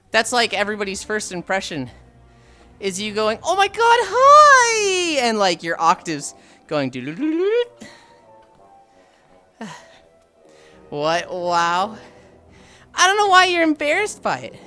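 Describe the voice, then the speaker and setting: A man's voice: high voice, pushed and bright. A man streaming while walking, chatting casually, rambling with frequent sighs and casual swearing. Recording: faint music behind.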